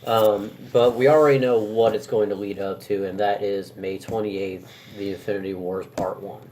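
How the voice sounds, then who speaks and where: A young man with a low voice speaks loosely on a podcast, with many fillers and pauses. Faint noise sits under the recording. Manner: relaxed, rambling, with many fillers. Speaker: podcast co-host. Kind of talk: casual chat.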